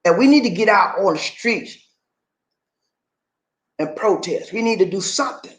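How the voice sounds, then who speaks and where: A man hosting a vlog, ranting with preachy repetition, sometimes shouting, then sighing to calm himself down. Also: high-pitched, normal speed, reverberant. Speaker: YouTube dating channel host. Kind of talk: impassioned vlog rant.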